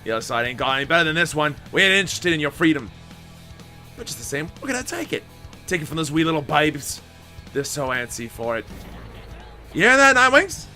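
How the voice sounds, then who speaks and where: A man's voice: fairly high pitch, very animated, brisk, pauses often, faint music behind, heavily acted. Man putting on a rowdy mock-Scottish beast-man. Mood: taunting. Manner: rowdy, taunting, shouty. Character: brash anarchist male beast-man gang leader.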